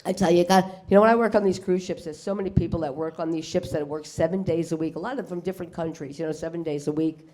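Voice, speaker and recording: A woman's voice: fairly low pitch, fairly even intonation, fast, warm tone. Middle-aged New woman, stand-up comic, brash and profane, plays every character herself. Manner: brash, swears, acts out characters in punchlines. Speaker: stand-up comedian. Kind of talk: stand-up comedy set. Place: comedy club stage before a live audience.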